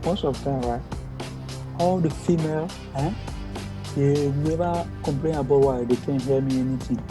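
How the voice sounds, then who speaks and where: A man with a noticeable foreign accent in a casual coaching chat, talking haltingly with many repeats, restarts and loose phrasing. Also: mid-range voice, over music, poor audio. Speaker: interview coaching client.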